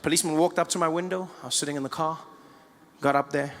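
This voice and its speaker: A man's voice: a little high, fairly even intonation, quick pace, fairly bright tone, in a large hall. A man doing a stand-up comedy routine, telling a story and acting out the dialogue. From South Africa. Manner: storytelling, acts out both sides of dialogue.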